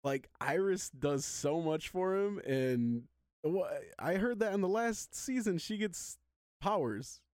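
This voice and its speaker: A man's voice: high-pitched, lively intonation, slow, a little mellow, dry recording, clean studio sound. Laughing man leading podcast chat. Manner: laughs often, leads the questions. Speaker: podcast co-host. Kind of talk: casual chat.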